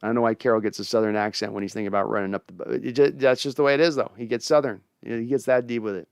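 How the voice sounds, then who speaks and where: A man's voice: mid-range voice, fairly even intonation, racing, creaky, clean tone, no room sound, clean studio sound. A young man hosting a casual sports fan show, reading viewer comments and giving opinionated takes with frequent restarts.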